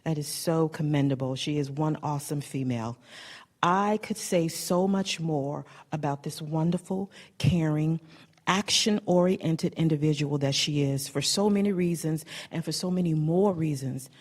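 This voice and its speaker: A woman's voice: low-pitched, normal speed, darkish tone. A woman at a council meeting reading a formal award tribute aloud, effusive in her praise. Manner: effusive, gets emotional near the end. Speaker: council member presenting an award.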